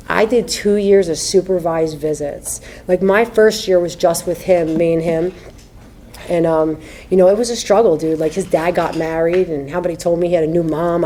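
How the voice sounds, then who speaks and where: A woman in her thirties from the United States shares her recovery story at an AA meeting, speaking candidly and conversationally and often tossing in "you know what I mean." Her voice is fairly low with a dark tone, and there is slight background noise.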